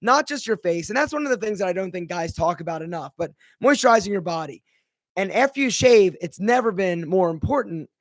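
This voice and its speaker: A man's voice: sits high, lively intonation, a little fast, no echo, studio quality. A man, a brand founder, answering viewer questions in a casual live Q&A, chatty and full of fillers. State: a bit out of breath.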